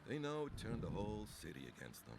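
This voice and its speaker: Brief: scoffing game townsman, low and gravelly, lively pitch. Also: fast, noisy background, heavily acted. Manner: scoffing, matter-of-fact. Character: blunt, dismissive townsman in a game.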